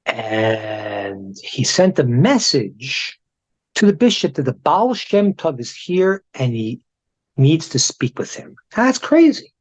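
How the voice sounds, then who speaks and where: A man, a rabbi teaching a class, telling stories in an animated way and often repeating words as he restarts. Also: medium pitch, slow pace. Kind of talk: storytelling lesson. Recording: dull lo-fi recording.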